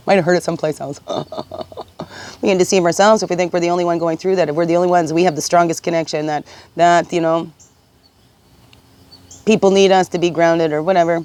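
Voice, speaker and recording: A woman giving a casual spiritual card reading, musing gently and often checking in with "right?". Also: on the low side, steady tone, a little fast, long pauses.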